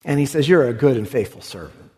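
A man preaching an expository sermon, animated, swinging from hushed tones to exclamation. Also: mid-range voice, fast talker, slightly rough. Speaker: pastor. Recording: reverberant hall.

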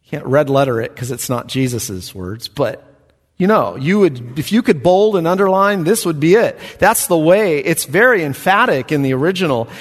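A man, a pastor, preaching an emphatic expository sermon with soft chuckles. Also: on the high side, lively intonation, moderate pace, breathy edge. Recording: reverberant hall.

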